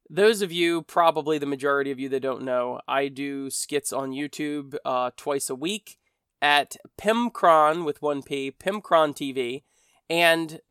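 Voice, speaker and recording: An American man with a slightly raised pitch hosts a casual podcast and rambles on in an easy, chatty monologue. He stops and restarts his sentences as he thinks aloud. The recording is dry and close, with no room sound. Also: a bit bright, clean tone, no room sound. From United States. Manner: rambling, self-correcting, conversational. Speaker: podcast host.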